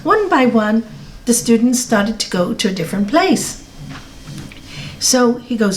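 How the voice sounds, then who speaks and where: Animated woman teaching a live audience. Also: on the high side, unhurried, pauses often, a little hiss or hum. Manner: animated and direct, repeats words for emphasis, asks the audience questions. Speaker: spiritual teacher. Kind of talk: talk on scripture to a live audience. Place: yoga centre hall.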